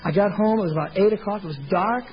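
A middle-aged man who used to sell door to door gives his personal testimony to a congregation, telling it in a folksy, story-driven way and acting out what others said. His voice is high and fast. The audio is lo-fi.

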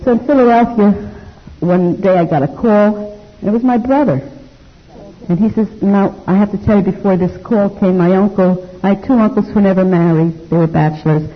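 An older woman giving a personal testimony to an audience, animated and acting out the dialogue she recalls. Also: medium pitch, normal speed. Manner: animated storytelling, acts out quoted dialogue. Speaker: speaker telling her life story to an audience. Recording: dull lo-fi recording.

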